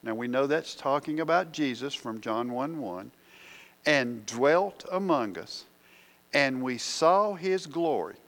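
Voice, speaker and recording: Slow, deliberate preacher, man. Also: mid-range voice, lively intonation, fairly bright tone. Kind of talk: sermon.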